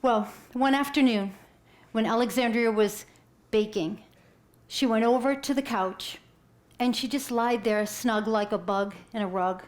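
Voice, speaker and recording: A middle-aged woman giving an emotional storytelling talk, rising high when moved and dropping to a whisper. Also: a little slow. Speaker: inspirational speaker.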